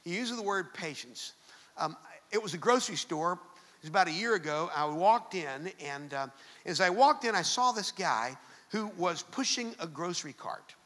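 A man preaches in a church sanctuary, telling a story and often restarting his phrases. His voice is high-pitched and bright. The sound carries a long reverb from a large hall. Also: lively intonation, moderate pace. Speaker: pastor. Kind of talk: sermon.

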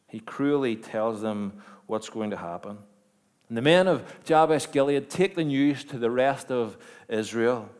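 A man preaching a sermon, moving between quiet, measured storytelling and loud, emphatic declarations with rhetorical questions. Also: fairly low pitch. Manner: dynamic, swings from hushed to emphatic, rhetorical questions.

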